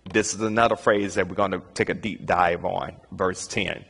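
A man leading an online Bible study, talking in a measured way with lots of fillers and repeated phrases. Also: sits low, fairly even intonation, creaky, a bit bright, slightly rough. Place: indoors, streamed to a virtual audience. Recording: long hall reverb.

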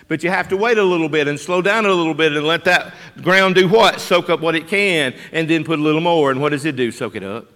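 High-voiced preacher in a reverberant church. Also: male voice. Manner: emphatic, rhetorical questions to the congregation, swings from loud to hushed. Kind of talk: sermon. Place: church sanctuary.

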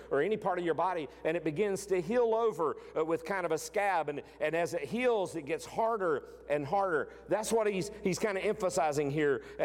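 A man preaching a sermon as pastor, earnest, repeating key words for emphasis and often restarting his phrases. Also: high voice. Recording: long hall reverb.

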